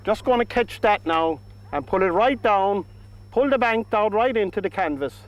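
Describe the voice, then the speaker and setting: Irish painting teacher, man, high-pitched, soft coaxing delivery, outdoors. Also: lively intonation, moderate pace, low-quality recording. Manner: gentle, coaxing, talks to the paint. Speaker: painting instructor. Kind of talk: painting demonstration. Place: outdoors by a lake.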